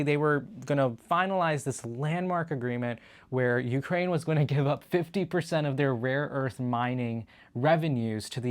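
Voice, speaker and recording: A man hosting his own show, giving casual political news commentary in a conversational way with frequent fillers and restarts. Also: medium pitch. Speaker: show host.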